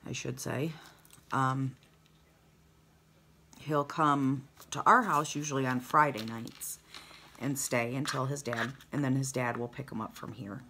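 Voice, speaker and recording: Older woman vlogger, low gravelly voice, slow rambling chat, faint hiss behind. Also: steady tone, bright, forceful tone. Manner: rambling, heartfelt, trails off into asides. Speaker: planner vlogger. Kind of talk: chatty planner vlog.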